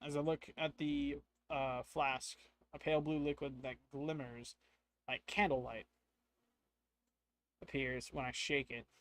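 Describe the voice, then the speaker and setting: A man's voice: medium pitch, little pitch movement, unhurried, fairly bright tone. A man narrating a solo tabletop game, thinking aloud with hesitations and filler words.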